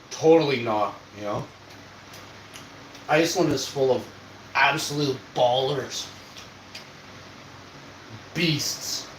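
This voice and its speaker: A man's voice: mid-range voice, takes it slowly, pauses often. A young man from Canada who streams, telling a rambling casual story, swearing and acting out quoted voices. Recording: echoey room with faint noise.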